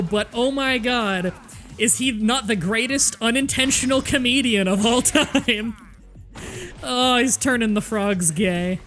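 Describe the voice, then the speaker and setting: Chatty Southern Ontario Canadian man gaming. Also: sits high. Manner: chatty, lively, laughs easily, explains at length. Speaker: streamer playing a game. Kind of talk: casual gaming commentary.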